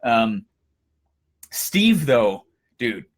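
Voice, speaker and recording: A young man giving a casual coaching lesson, energetic and storytelling, with frequent fillers and restarts. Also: medium pitch, drawn-out words. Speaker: course instructor.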